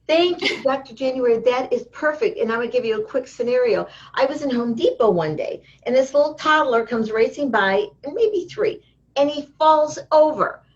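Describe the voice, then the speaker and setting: A woman guest in an interview, telling stories in a lively way and acting out the voices of the people she quotes. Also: high voice, normal speed. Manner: lively storyteller who acts out quoted voices. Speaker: interview guest, healing teacher. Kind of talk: casual interview talk. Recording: dull lo-fi sound.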